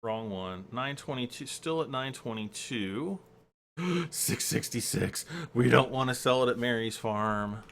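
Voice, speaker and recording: A man's voice: medium pitch, moderate pace, hardly any pauses, fairly bright tone, slight background noise. A man hosting a game livestream, chatting casually and rambling as he answers viewers' chat questions between moves.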